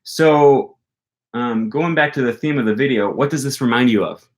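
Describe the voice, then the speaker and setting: A man's voice: medium pitch, moderate pace. A young man casually explaining language learning to his viewers, chatty, with frequent ums and okays and emphatic stresses in his examples. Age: young adult. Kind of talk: casual explanatory talk answering viewer questions.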